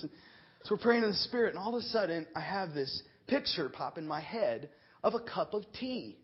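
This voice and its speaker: A middle-aged male preacher with a fairly high voice tells a story in a sermon, animated and prone to shouting and laughing. The recording sounds dull and lo-fi. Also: brisk, slightly rough.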